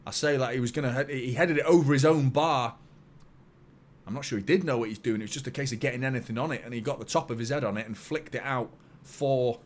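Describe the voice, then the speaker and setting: A man hosting a live football watchalong, reacting to the match, swearing and joking with his chat. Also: medium pitch. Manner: excitable, swears, jokes with chat. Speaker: watchalong host.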